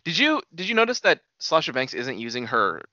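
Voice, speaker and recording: Bright-voiced man on a dry lo-fi podcast. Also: mid-range voice, fairly quick, no echo. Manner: relaxed, joking, swears casually. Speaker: podcast co-host. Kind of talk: casual chat.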